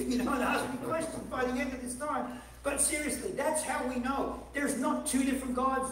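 A high-pitched man preaches to his congregation, animated and playful, often tripping over and repeating his opening words. The voice rings through a very echoey church hall and is picked up from a distance. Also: a little hiss or hum. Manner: animated, jokey, repeats words when starting phrases. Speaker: evangelist preacher. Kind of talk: sermon with humorous storytelling. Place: church sanctuary.

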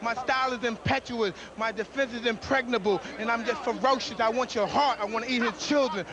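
A man's voice: extremely high pitch, a little fast, a crowd in the background, pitched above the performer's own voice. A man doing an impression of a famous boxer making a menacing, boastful speech.

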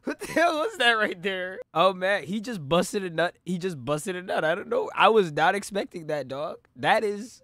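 A man's voice: sits high, animated, normal speed, hardly any pauses, a bit bright, no echo. A man reacting to a clip with incredulous, profane quips in a casual way. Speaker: reaction streamer.

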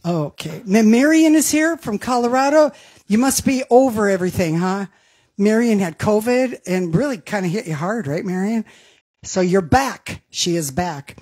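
A woman's voice: medium pitch, animated, normal speed, darkish tone, slightly rough. A woman singer hosting an online holiday show, chatting casually between songs, laughing and reading out viewer comments. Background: backing music.

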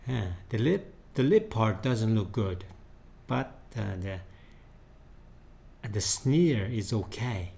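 A man talking casually into a studio microphone at home, hesitant and slow, acting out facial expressions as he tests them. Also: on the low side, animated, creaky, warm tone. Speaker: 3D animation hobbyist.

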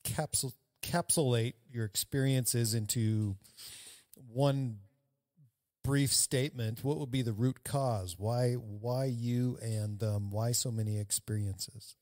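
Hesitant male host, low and mellow, dry close sound. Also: steady tone, takes it slowly, dry recording. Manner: polite, hesitant. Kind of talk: interview questions.

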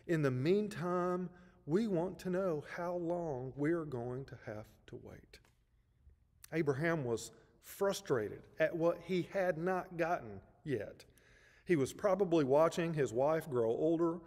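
Pastor preaching in a reverberant church. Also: male voice, on the high side, darkish tone. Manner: measured, emphatic, uses repetition. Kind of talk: sermon. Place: church sanctuary.

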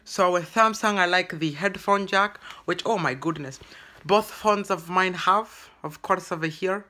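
Vlogger, comic in-character rant, bright edge, stammering, put-on broken English. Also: medium pitch. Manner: halting and rambling, full of stammered restarts. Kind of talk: comedic vlog monologue in character.

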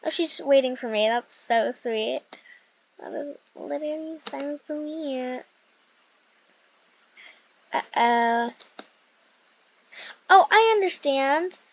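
A young woman giving rambling, excitable commentary while playing a video game, with many fillers. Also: high voice, a little slow, dull audio, slight background noise. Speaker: gaming youtuber. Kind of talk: casual gameplay commentary.

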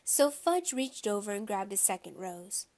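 A woman narrating a children's audiobook in a lively, expressive reading style. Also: medium pitch, moderate pace.

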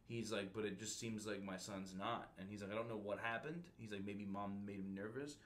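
Low-voiced male podcast host, a recruiter, animated, slangy storyteller. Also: fairly quick, a little hiss or hum. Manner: animated slangy storyteller, says bro and dude. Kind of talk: casual storytelling chat.

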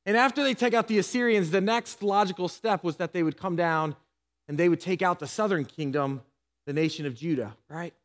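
In a church sanctuary with long hall reverb, a married adult pastor preaches in a high-pitched, brisk voice. He is earnest and emotional, pressing his listeners with hard rhetorical questions.

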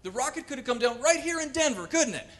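A man performing wry, animated stand-up comedy on a cultural center stage. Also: very high-pitched, quick pace. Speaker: comedian and pianist.

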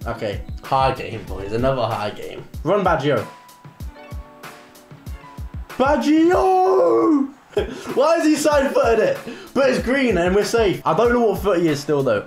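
A young man giving excitable live gameplay commentary, bursting into shouts and repeated cheers. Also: medium pitch. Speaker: gaming creator. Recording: roomy echo with faint music.

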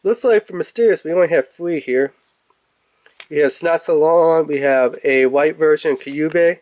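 A man's voice: fairly high pitch, normal speed, darkish tone, dry recording. A young man casually reviewing toys, rambling and chatty and laughing at his own jokes. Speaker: toy reviewer.

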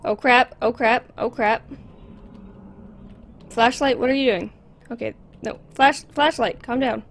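A woman commenting on a horror game as she plays it, close to a desk microphone, nervous and repeating words in quick bursts. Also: a little high, fairly even intonation. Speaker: gameplay commentator.

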